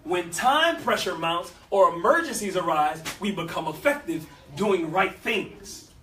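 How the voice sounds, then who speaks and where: A man giving an animated, folksy motivational talk with a preaching flavor to a small audience. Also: sits high, measured pace, faint music behind. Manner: animated, folksy, with vernacular asides and repeats. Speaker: speaker at a youth life-skills session. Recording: echoey room, mic at a distance.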